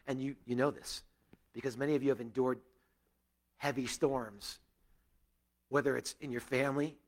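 A male pastor preaching a sermon to a gathered church, earnest, rising to emphatic peaks and dropping to hushed, quiet stretches. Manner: earnest, swinging between raised emphasis and hushed, low passages.

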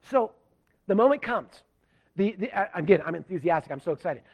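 Full of restarts and animation, a man preaching a sermon tells a story that pokes fun at himself. He's a pastor from Southern California with a high-pitched voice and a fairly quick pace.

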